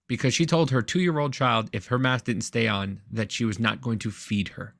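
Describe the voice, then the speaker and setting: Gravelly-voiced man telling a story. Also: mid-range voice, a little fast, few pauses, no echo, clean studio sound. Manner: rambling, animated anecdote with restarts. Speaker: podcast co-host. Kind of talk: casual chat, storytelling.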